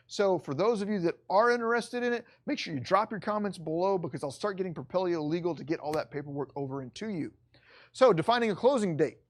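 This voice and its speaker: An instructor lectures in an online course, pressing hard on each point and repeating key lines for effect. The talk stays blunt and casual, with plain everyday wording. The voice sits at a middle pitch. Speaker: real estate instructor.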